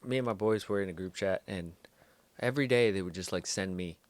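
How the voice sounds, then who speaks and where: A man's voice: low voice, fairly quick, slight background noise. A young man hosting a podcast in a studio, talking casually with loose slang, swearing and laughs. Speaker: podcast host. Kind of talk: casual chat.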